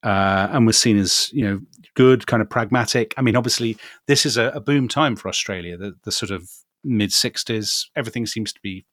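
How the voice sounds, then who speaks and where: A man's voice: lowish voice, fairly quick, a bit bright, dry recording, studio quality. A man from Britain co-hosting a history podcast, telling the story in a wry, chatty way with asides. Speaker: podcast co-host.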